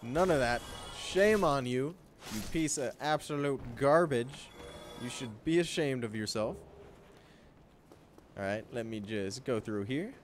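A young man streaming a game, chatting with viewers in a relaxed, joking way and breaking into loud yelps and laughs. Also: mid-range voice, measured pace, faint music behind. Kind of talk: gameplay commentary.

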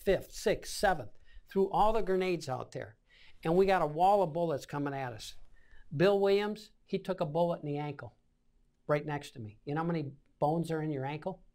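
An older man in his seventies tells his war stories as a veteran being interviewed. He talks in a vivid way and acts out each scene with his own gunfire and explosion sounds. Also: a little high. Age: 70s. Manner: vivid storyteller acting out scenes with sound effects. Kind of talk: oral-history war recollection.

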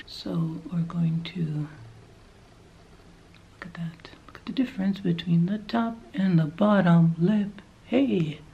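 A woman's voice: fairly low pitch, takes it slowly, vocal fry, warm tone, highs cut off, slight background noise. Playful young woman, whispery makeup vlog. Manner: playful, joking, drops into whispers; puts on a mock accent now and then. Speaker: beauty vlogger.

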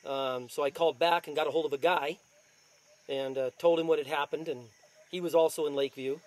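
A man's voice: on the high side, fairly even intonation, a little fast, darkish tone. A man casually telling the story of his rattlesnake bite in an interview, rambling with many fillers. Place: outdoors in the desert.

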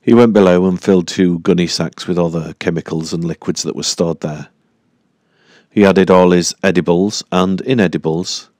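A man reading a horror audiobook in a measured, deliberate storytelling manner. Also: low-pitched, steady tone, a little mellow, no room sound, clean studio sound. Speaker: audiobook narrator. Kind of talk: scripted horror narration.

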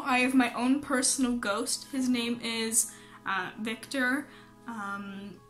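A young woman talking casually to camera from her home office, halting with many ums and holding back tears as she speaks. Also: a little high, a bit bright. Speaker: vlogger.

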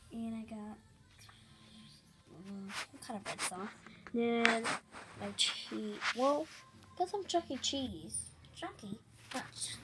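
A woman narrating a casual toy role-play, chatty and rambling with many fillers. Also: a little high. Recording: noisy home recording with clicks.

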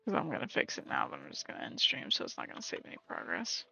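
Husky-voiced woman streamer muttering to herself. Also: very deep voice, wildly swooping pitch, fast. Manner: mutters to herself, drifting into soft whispers. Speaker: game streamer. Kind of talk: casual gameplay chatter. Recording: slightly muffled lo-fi stream audio. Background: faint game music.

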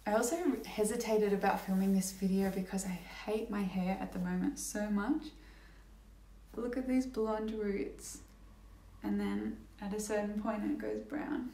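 A young woman chats to the camera in a relaxed, rambling way, with plenty of ums and restarts. Her mid-pitched voice has a gravelly, creaky texture. She sits a little back from the mic in an echoey room at home. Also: measured pace, far from the mic, a little hiss or hum. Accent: Australian. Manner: chatty, rambling, many fillers and restarts. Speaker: vlogger. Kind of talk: casual chat to camera.

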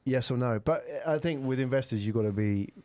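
A man's voice: medium pitch, brisk, darkish tone, no echo. A man hosting a casual panel podcast, joking and prodding his guests. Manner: teasing, jokey, pushes the others to decide. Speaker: host.

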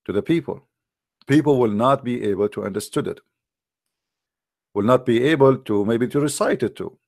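A man's voice: medium pitch, normal speed, vocal fry, a little mellow, dry recording, studio quality. A man hosting a religious debate, talking in a mocking, emphatic way with a lot of repetition. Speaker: debate host. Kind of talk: argumentative religious debate talk.

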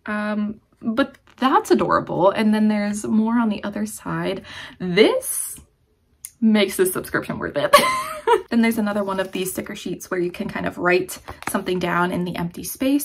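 A woman's voice: a little high, breathy edge. A young woman vlogger chatting casually while unboxing, gushing and laughing often with lots of "like" fillers. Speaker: book vlogger.

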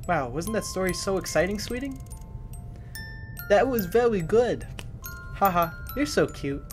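A man's voice: sits high, animated, a little slow, soft background music, voice pushed up. A man voicing a sweet young mother who coos in baby talk to her child. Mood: doting.

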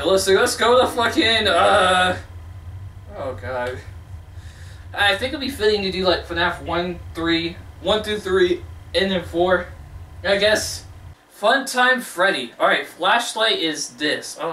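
A woman's voice: on the low side, animated, takes it slowly, a bit bright, echoey room, far from the mic. A woman gamer at home commentating a horror game, jumpy and swearing, often screaming. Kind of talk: let's play commentary. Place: at home, indoors.

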